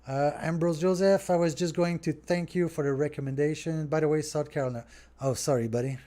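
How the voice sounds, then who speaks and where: Mellow-voiced French Canadian man. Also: on the high side, fairly quick. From Canada, Montreal. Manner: relaxed, rambling, talks straight to viewers. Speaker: restaurant owner hosting a Q&A. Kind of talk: casual solo Q&A podcast.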